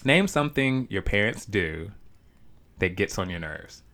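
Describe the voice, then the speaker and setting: A man in a relaxed podcast conversation, his voice sitting fairly low. He tells stories in an animated way and slips into quick impressions of other people. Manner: animated storytelling, mimics others. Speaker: podcast co-host. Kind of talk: casual chat.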